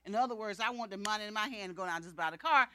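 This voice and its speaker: A woman giving an animated faith testimony to a congregation, often laughing and acting out the people in her story. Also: mid-range voice, rapid-fire.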